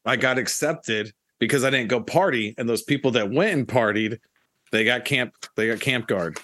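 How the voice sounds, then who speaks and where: A man's voice: mid-range voice, normal speed, fairly bright tone, slight background noise. A man co-hosting a podcast, chatting bluntly and casually with a lot of swearing. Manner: blunt, profane, easygoing. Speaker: podcast co-host. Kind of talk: casual chat.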